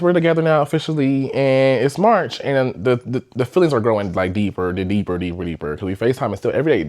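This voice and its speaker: A young man hosting a podcast, telling a personal story in a chatty, animated way with lots of fillers. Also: mid-range voice, moderate pace. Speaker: podcast host. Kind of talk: casual storytime.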